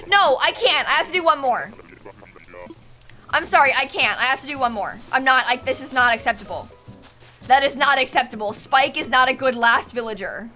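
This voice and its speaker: Bright high-voiced woman streamer talking to herself. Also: moderate pace. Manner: exasperated, talking to herself, often laughing. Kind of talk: live-stream gaming chatter. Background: faint background music.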